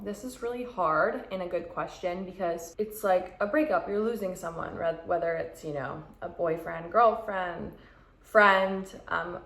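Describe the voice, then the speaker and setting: This young woman from Canada vlogs casual advice in a frank, chatty way, acting out the thoughts she quotes. Her voice is lowish and fairly bright, heard with a roomy echo.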